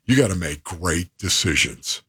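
A man's voice: sits low, expressive, a little slow, pushed and bright, husky. A man hosting sports talk in a playful, theatrical way, rattling off points in a list. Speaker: sports radio host.

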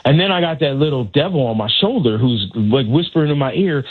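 Brief: caddy guest on the phone, husky, animated yarn-spinner, acts out voices. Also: male voice, medium pitch, a little fast. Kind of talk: casual storytelling on a radio show. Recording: tinny phone line.

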